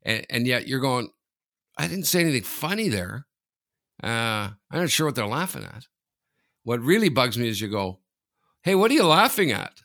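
Animated, laughing podcast co-host. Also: male voice, mid-range voice, moderate pace, pauses often. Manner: animated, laughing, rambling storyteller. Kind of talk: casual chat.

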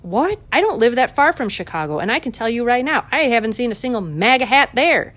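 A woman's voice: on the high side, very animated, brisk, hardly any pauses, fairly bright tone. A woman giving a heated political commentary monologue, fiery, combative and sarcastic.

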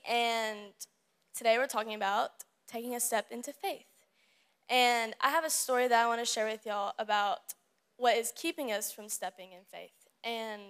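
A woman's voice: a little high, a bit bright, clear, resonant tone. Earnest young woman giving a youth devotional. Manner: earnest, casual and repetitive. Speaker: youth service speaker. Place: room with a youth audience.

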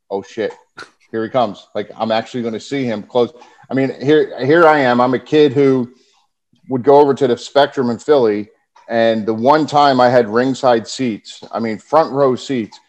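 Laughing ex-wrestler telling stories, muffled audio. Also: male voice, medium pitch. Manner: animated, laughs often while telling stories. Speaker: guest, former pro wrestler. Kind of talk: casual storytelling.

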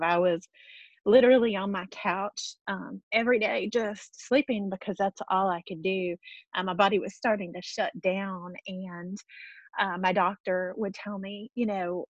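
Woman, middle-aged, tearful, halting speech, lots of ums, dry muffled call audio. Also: medium pitch, no room sound. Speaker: guest sharing a weight-loss story. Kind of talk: emotional personal testimony on a video call. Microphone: video call.

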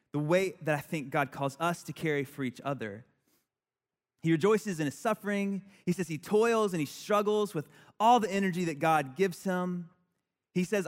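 A man, preaching a sermon in a conversational, earnest way and putting questions to the congregation. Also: a little high. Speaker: pastor. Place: church sanctuary. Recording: church hall reverb.

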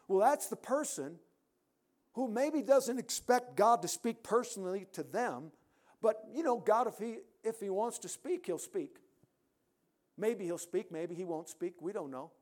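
A man preaching a sermon in a church, emphatic, rising to loud peaks and dropping to quiet endings. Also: high-pitched, animated, measured pace.

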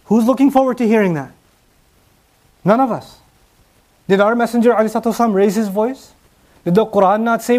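High-voiced man preaching emphatically. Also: steady tone, fast, mellow. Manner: emphatic, with repeated rhetorical questions. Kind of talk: sermon.

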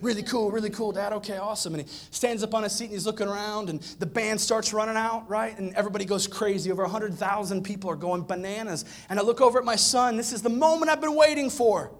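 A man in his thirties preaching a sermon, telling a funny family story and acting out the dialogue with growing excitement. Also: sits high, fast, hardly any pauses. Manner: animated storyteller, acts out dialogue with rising excitement. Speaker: pastor. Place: church auditorium with a live audience.

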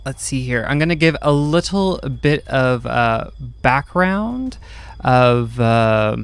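Slow, halting game master man. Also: mid-range voice, lively intonation, creaky, smooth, no echo. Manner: hesitant, many ums and uhs. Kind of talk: casual podcast chat.

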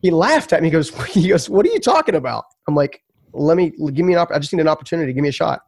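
Guy, quick earnest storytelling, a bit higher voice, dry close mic. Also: dry recording. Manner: earnest, emphatic, repeats words when excited. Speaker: podcast guest, entrepreneur. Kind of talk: storytelling in a podcast interview.

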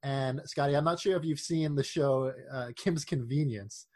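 A man co-hosting a casual podcast chat, animated, laughing often and leading the talk with questions. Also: medium pitch, moderate pace. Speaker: podcast co-host.

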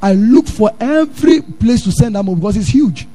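A Ghanaian pastor preaching a sermon in church, animated, drifting into sing-song and acting out his stories. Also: sits high, brisk, soft background music. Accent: Ghanaian English.

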